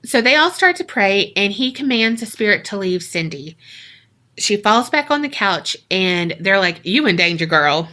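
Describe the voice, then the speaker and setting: A woman's voice: medium pitch, expressive, normal speed, pushed and bright. A young woman co-hosting a podcast, retelling a ghost story in casual, slangy, profane chat. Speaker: podcast co-host.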